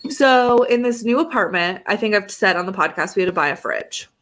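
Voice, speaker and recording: A woman's voice: medium pitch, expressive, brisk, fairly bright tone. A young adult woman co-hosting a podcast, telling a story in a casual chat and acting out both sides of phone calls. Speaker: podcast co-host.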